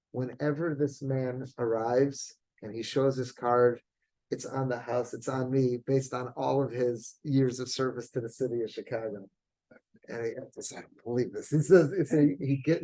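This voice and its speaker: A man, a rabbi telling a story in a sermon, animated and at times rising to near-shouting. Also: medium pitch, low-quality recording.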